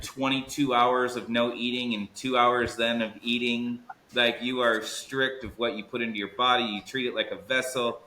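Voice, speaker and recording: Upbeat man hosting, bright and echoey. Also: medium pitch, a little hiss or hum. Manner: upbeat, hype-building, drawn-out emphasis. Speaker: podcast host. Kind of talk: energetic podcast chat.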